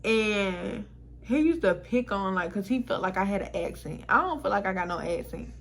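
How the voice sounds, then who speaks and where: A woman's voice: mid-range voice, expressive, moderate pace, vocal fry, low-quality recording. A woman vlogger telling a personal story in casual storytime style, frank and exasperated, swearing freely and laughing between lines.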